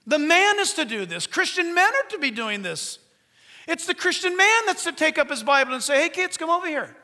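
High-voiced man preaching in a reverberant hall. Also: normal speed. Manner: animated preaching, mimics voices in a high shout. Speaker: pastor. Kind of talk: sermon.

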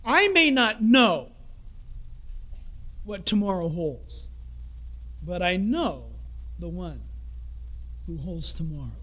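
A man's voice: high-pitched, slow pace, pauses often. A man preaching a sermon, telling stories and jokes and acting out the people in them. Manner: animated storytelling, acts out characters in the story.

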